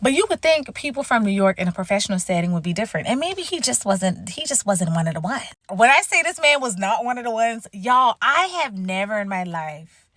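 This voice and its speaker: A woman's voice: mid-range voice, expressive, brisk, fairly bright tone. A woman casually telling the story of her career, acting out quoted dialogue with big jumps in her voice.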